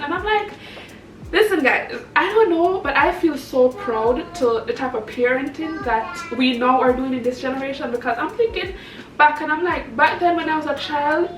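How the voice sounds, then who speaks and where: High-voiced chatty woman, echoey distant recording. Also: brisk, a little hiss or hum. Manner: rambling and chatty, laughs often. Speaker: vlogger and mother. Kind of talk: casual chat to camera.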